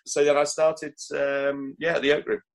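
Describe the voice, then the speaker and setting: A man, a chef telling stories from his career in a relaxed interview, self-deprecating and often laughing at himself. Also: on the high side, normal speed, gravelly, low-quality recording. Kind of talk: relaxed storytelling in conversation.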